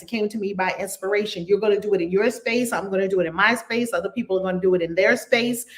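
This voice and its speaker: In a livestreamed spiritual session from her own home, a reverend with a New York accent gushes with repeated affirmations, then eases into a slow, chant-like guided prayer. She has a mid-range voice with a fairly bright tone.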